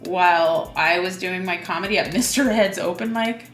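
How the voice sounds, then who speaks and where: A woman's voice: lowish voice, moderate pace. A woman stand-up comedian in casual interview chat, playful and loose, laughing often as she talks. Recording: roomy room with faint music.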